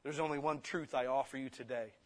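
A man preaching a sermon, blunt and forceful, slipping into quick mimicked excuses. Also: medium pitch, fairly even intonation.

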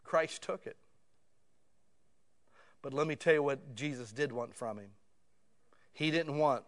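A man preaching a sermon in a conversational, casual way that swells to loud emotional peaks. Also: mid-range voice, measured pace, pauses often.

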